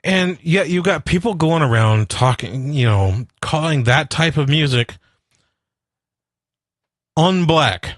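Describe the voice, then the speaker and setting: A man's voice: on the high side, expressive, slow, pauses often, no echo. A male radio host, talking casually and bluntly on his own show, rambling, swearing and laughing at himself. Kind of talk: casual solo radio rant and chat.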